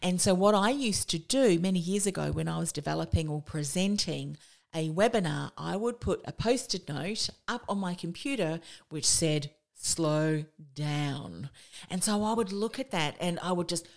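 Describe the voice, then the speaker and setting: A woman with a slightly low voice coaches listeners on a motivational podcast. She talks quickly and emphatically and circles back to repeat her main points. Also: lively intonation, vocal fry. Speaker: business coach and podcast host.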